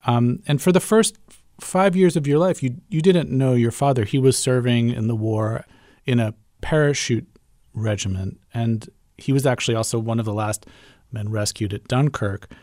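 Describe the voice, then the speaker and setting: A man's voice: medium pitch, moderate pace, a little mellow, no echo, clean studio sound. A male interviewer putting friendly, curious questions to his guest.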